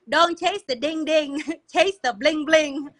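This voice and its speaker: Brief: high sing-song salon lady with a put-on Vietnamese-English accent, a woman puts her on, bright and giggly. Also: slow. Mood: playful.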